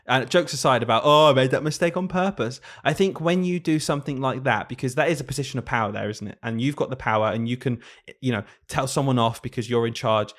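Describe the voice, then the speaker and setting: Man, medium pitch, casual podcast chat, laughs mid-story. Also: quick pace, few pauses. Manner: laughs often while telling stories. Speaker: podcast co-host, primary teacher.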